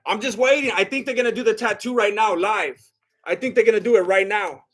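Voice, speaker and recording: A man's voice: sits high, brisk, a bit bright. A man doing live-stream reaction commentary, reading chat aloud and talking straight to his viewers with many restarts. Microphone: laptop setup.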